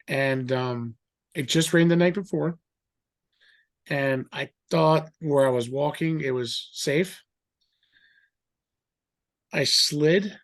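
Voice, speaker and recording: A middle-aged man telling a story in a rambling, animated way, acting out the voices of others. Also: fairly high pitch, takes it slowly, pauses often. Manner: animated, acts out quoted voices; rambling with fillers and restarts. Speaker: guest. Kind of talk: casual storytelling.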